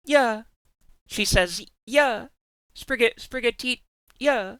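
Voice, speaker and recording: A man's voice: sits high, big pitch swings, unhurried, sharp tone, dry recording. A man streaming live in casual chat, giggling often and rambling in playful asides with many restarts.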